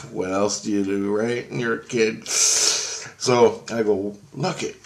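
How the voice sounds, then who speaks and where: Low-voiced man rambling through a dream story. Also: fairly even intonation, creaky. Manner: halting, meandering, many fillers and restarts. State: just woken up, clearing his throat. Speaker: video blogger recounting a dream.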